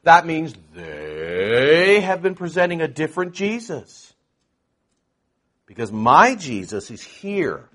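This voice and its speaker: A man's voice: on the high side, big pitch swings, slow pace, fairly bright tone. A man teaching the Bible to a live group in a conversational, sarcastic way, with mocking asides.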